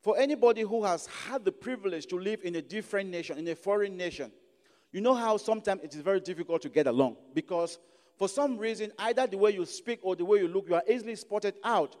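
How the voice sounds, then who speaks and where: African-accented male preacher, high mellow voice, emphatic repetition, church hall with long reverb. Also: fast. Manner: emphatic, repeats phrases for stress. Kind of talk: sermon.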